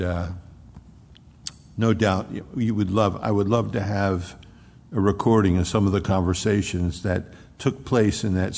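Folksy preacher man, gravelly voice. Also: lowish voice, a little mellow, big-room sound. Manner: folksy storytelling preaching with casual asides. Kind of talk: sermon.

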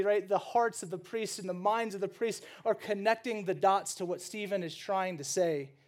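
A man preaching a sermon in an animated, dramatic storytelling manner. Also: sits high.

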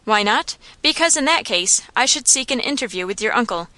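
A coarse, coolly mocking saloon keeper with slangy, insolent talk, read out by a woman. The voice sits fairly high and bright. It sounds dry and close. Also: lively intonation, a little fast, no room sound.

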